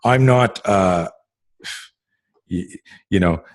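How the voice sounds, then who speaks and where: A man's voice: low-pitched, very slow, no room sound. A middle-aged man in casual conversation as a podcast host, rambling through stories with lots of fillers and swearing.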